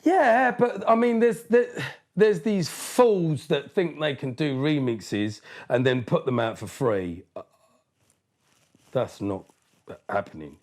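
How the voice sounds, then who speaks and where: A man, a DJ talking in a casual interview, animated and full of slang, often repeating words as he restarts. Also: fairly high pitch, takes it slowly. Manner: street slang. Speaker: DJ and producer, interview guest.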